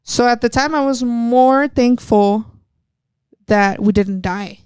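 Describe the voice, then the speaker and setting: A woman's voice: on the high side, slow, darkish tone, smooth, dry recording. A young woman from Texas, a professional wrestler, telling a personal story step by step in a candid interview. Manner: earnest, retelling events step by step.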